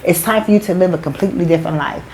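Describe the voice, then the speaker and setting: A woman's voice: fairly low pitch, very fast, warm tone, slight background noise, poor audio. A woman who works as a motivational speaker and spiritual coach, preaching to her followers in emphatic, slangy talk. She swears freely, restarts often, and keeps calling them "baby".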